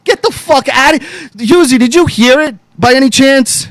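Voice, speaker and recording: High-voiced man on a profane rant. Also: lively intonation, normal speed, fairly bright tone, no echo, rough recording. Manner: profane, angry and fired up; calls out to co-hosts by name. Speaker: podcast host. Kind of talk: heated podcast rant.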